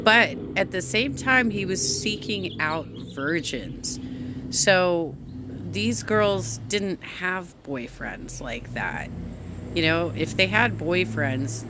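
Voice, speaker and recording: A woman giving true crime commentary in a deliberate, explaining way. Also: sits low, noisy background. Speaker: video commentator.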